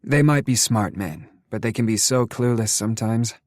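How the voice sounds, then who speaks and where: A man voicing a kind, gentle pregnant woman who teases her friend softly, in an audiobook. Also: lowish voice, normal speed, no room sound, clean studio sound, pitched above the performer's own voice, lightly acted. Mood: teasing. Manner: softly spoken, teasing. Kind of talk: audiobook narration.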